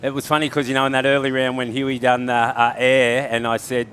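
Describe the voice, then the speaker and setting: An Australian man on surf commentary, rambling through stories full of fillers and chuckles. His voice is mid-pitched and plain, with faint noise behind it. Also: flat delivery, fairly quick, a bit bright. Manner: rambling, laughing storyteller. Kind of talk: casual on-air storytelling.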